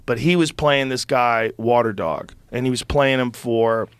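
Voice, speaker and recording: A middle-aged man hosting a podcast, telling an animated, profanity-laced story in casual conversation into a close studio microphone. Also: medium pitch, a little slow, clean tone, no echo. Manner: animated, profane, acts out quotes. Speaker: podcast host.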